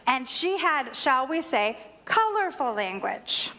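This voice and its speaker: Woman, high voice, humorous sermon storytelling, long hall reverb. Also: sing-song, takes it slowly, few pauses, pushed and bright, slight background noise. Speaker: minister.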